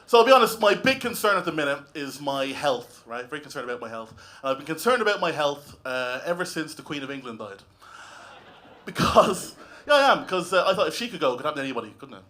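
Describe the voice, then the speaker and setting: A man's voice: on the high side, big pitch swings, fast talker, sharp tone. An Irish man doing a stand-up comedy set on a club stage, talking in a wry, conversational way with lots of tag questions. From Ireland.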